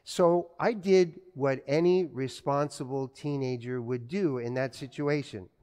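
A man's voice: mid-range voice, fairly even intonation, measured pace, mellow, smooth. A middle-aged man preaching a sermon, telling stories from his childhood and acting out family dialogue. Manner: storytelling, acts out family dialogue. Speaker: pastor. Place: church. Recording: reverberant church hall.

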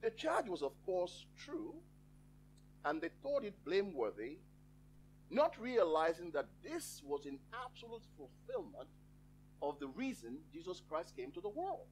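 Guy preaching real slow, voice swoops up and down, bit high, faint hum behind. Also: big pitch swings, poor audio. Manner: slow, emphatic, drawn-out phrasing with dramatic pauses. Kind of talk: sermon. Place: church.

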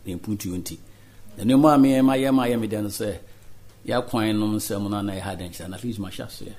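A Ghanaian politician giving earnest interview answers, mixing Twi and English. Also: male voice, lowish voice, quick pace, a little mellow.

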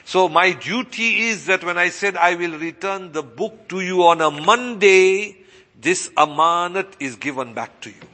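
Polite young male student, put on by a preacher, earnest, bright voice, echoing hall. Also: high-pitched, animated, a little slow, full character voice. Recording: long reverberant hall.

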